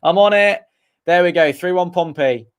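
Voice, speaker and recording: A young man giving partisan live fan commentary on a stream, chatty and excitable, thanking viewers and cheering his team. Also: high voice, moderate pace, smooth.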